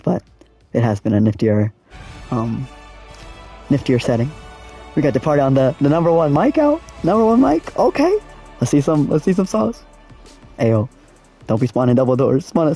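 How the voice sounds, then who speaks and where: Here a laid-back young gaming streamer races and talks to his audience in a relaxed, slangy way. His voice is mellow and mid-pitched, and the commentary is casual live-stream chatter.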